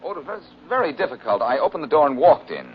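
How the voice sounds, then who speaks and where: An actor playing a wry, wisecracking detective who is cool and charming, in 1940s radio acting. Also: male voice, a little high, big pitch swings, fast, slight background noise. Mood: confident. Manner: wry, smooth, quipping. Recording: lo-fi old radio recording.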